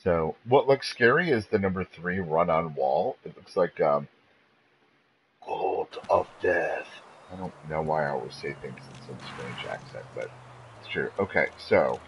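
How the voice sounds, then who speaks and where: Rambling male game streamer, wide-swinging pitch. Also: moderate pace, slight background noise. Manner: rambling, makes odd noises and sudden excited outbursts. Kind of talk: casual live-stream chatter while playing.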